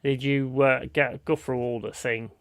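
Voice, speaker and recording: A man's voice: mid-range voice, level tone, unhurried, a bit bright, clear, resonant tone, no echo. A man chatting casually on a live stream, telling blunt, sweary stories and reading out viewers' comments. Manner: swears freely, blunt storytelling, reads out chat comments.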